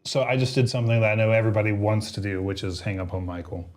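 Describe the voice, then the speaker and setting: A man's voice: fairly low pitch, little pitch movement. A man co-hosting a tech livestream, chatting casually and laughing often while testing gear. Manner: laughs often, quick and playful. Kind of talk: casual chat.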